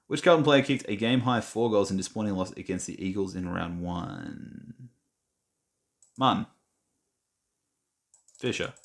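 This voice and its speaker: Low-voiced Australian guy muttering. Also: measured pace, vocal fry, long pauses. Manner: mutters and reads quiz questions aloud, self-mocking. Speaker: gaming vlogger. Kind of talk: casual screen-recorded commentary.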